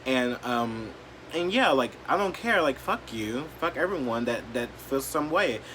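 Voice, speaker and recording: A man vlogging an emotional rant to camera, blunt and profane, leaning on "like" and swinging between quiet, hurt lows and loud, defiant outbursts. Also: animated, a little slow, a little hiss or hum. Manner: blunt, profane and heated, heavy use of "like".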